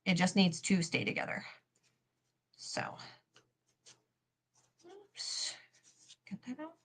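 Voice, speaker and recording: A cosplay prop maker in young adulthood runs a relaxed craft live stream, her fairly low voice moving at a moderate pace. Her chat wanders, heavy on fillers, with the occasional swear word.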